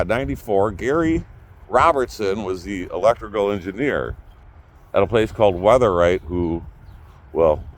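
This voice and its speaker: A middle-aged man with a Minnesota accent, talking in a blunt, profane, rambling monologue. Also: lowish voice. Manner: profane, blunt, rambling, swings between grumbling and laughing. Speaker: vlogger.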